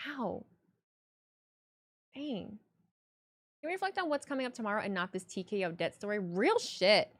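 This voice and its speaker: During a live stream, a young woman goes through the chat, speaking in a blunt, foul-mouthed, animated way. She talks at a normal speed with a medium-pitched voice, leaving long pauses.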